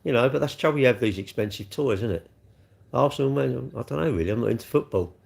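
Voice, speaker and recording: A man's voice: medium pitch, expressive, quick pace, vocal fry, darkish tone. A middle-aged man hosting a casual livestream, chatting and answering viewer comments with swearing and rhetorical questions. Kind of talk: casual chat.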